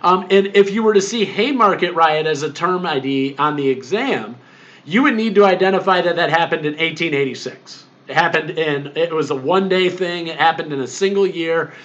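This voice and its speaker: A man's voice: fairly high pitch, moderate pace, fairly bright tone, highs cut off. A male history instructor giving a recorded exam review, explaining plainly and emphatically with many fillers.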